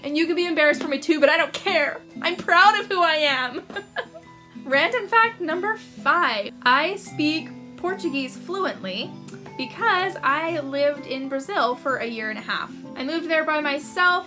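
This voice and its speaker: A young woman telling stories to camera in a casual, bubbly way, laughing often. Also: on the high side. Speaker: author vlogger. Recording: music playing behind.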